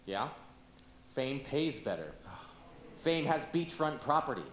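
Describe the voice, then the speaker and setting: A man's voice: mid-range voice, sing-song, takes it slowly, echoey room, slight background noise. A man playing a defensive young TV actor, exasperated and sarcastic, on an amateur stage. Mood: arguing.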